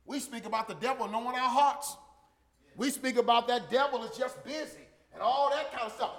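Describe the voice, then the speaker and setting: A man preaching a sermon to a congregation, asking rhetorical questions and building up to shouts. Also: extremely high pitch, normal speed. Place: church.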